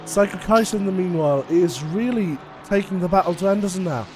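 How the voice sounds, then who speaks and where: A man's voice: high voice, brisk. A man giving chatty, analytical live commentary on a sim race, laughing often. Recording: noisy with race car sound behind.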